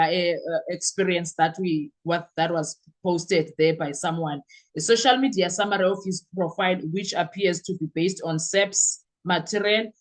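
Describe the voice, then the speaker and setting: A woman hosting a podcast, her voice husky with morning roughness, reading through notes with fillers and asides. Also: fairly low pitch. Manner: reads summaries aloud with fillers and asides. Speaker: podcast host. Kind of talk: casual commentary reading notes.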